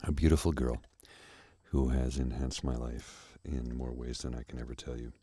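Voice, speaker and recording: Middle-aged male host for a soft ASMR talk: husky, dry close-miked sound, unhurried and reflective. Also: very deep voice, level tone, no echo. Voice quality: soft, reflective, halting with pauses and restarts. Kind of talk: soft-spoken ASMR chat.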